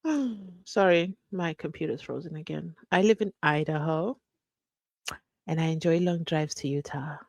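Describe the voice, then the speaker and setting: A woman's voice: deep voice, moderate pace, gravelly, no echo. Woman livestream host, chatty, laughs a lot, reads comments, dry close sound. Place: at home.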